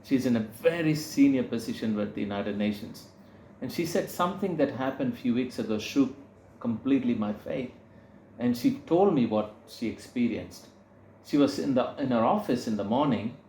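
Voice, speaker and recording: A man speaks at middle pitch, in the unhurried way of someone teaching a group. He tells his story through quoted dialogue and often stops mid-phrase to correct himself. The room around him is echoey, with a faint hum underneath. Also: animated, mellow. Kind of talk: sermon-style teaching talk.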